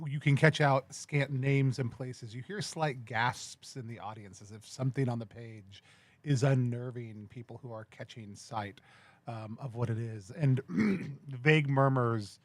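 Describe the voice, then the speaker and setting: A man describes a scene in a tabletop game, halting often to search for words. He speaks slowly and in a mid-range voice. The recording is dry, with no room sound. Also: mid-range voice, a little mellow, no room sound. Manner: hesitant, many ums, builds description slowly. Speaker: player.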